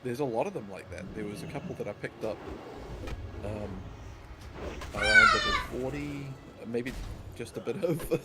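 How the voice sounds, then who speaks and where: A man's voice: mid-range voice, lively intonation, brisk. A man in casual chat on a gaming stream, wry and talkative, laughing through his stories. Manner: chatty, wry, laughs while telling stories. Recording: noisy background.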